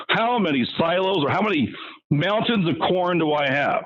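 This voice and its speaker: A man as interview guest, telling stories in an animated way and acting out what people said. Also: on the high side, normal speed. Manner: animated, acts out quotes, frequent restarts. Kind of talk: casual storytelling interview. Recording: muffled lo-fi audio.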